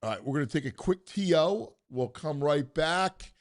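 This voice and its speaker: Brief: male sports host, excitable, animated pitch, slightly higher voice. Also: moderate pace. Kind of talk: casual sports talk.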